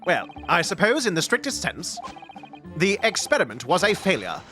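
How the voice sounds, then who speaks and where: A man's voice: high voice, big pitch swings, normal speed, music in the background. A man reading aloud as a pompous, eccentric male professor who talks in grand, over-formal phrases. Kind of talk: reading game dialogue aloud.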